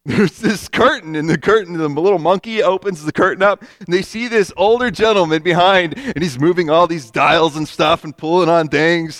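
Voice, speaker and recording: A man with a high voice delivers a sermon as pastor, talking in a relaxed, conversational way that still hits hard, circling back to repeat his main lines. The sound is dry and close, with no room around it. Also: dry recording.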